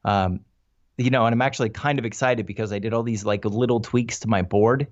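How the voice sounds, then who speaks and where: A man's voice: on the low side, steady tone, a little fast. A man talking casually as a podcast guest, hesitant and restarting often, on a home mic in an echoey room. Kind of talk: casual conversation. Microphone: home podcast mic over video call. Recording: dull lo-fi call in an echoey room.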